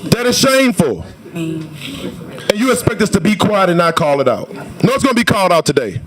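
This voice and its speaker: A man testifying at a legislative hearing, speaking forcefully and repeating phrases for emphasis. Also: high-pitched, lively intonation, moderate pace. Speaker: public witness testifying at a state senate hearing. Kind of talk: impassioned public testimony. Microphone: standing microphone at a podium.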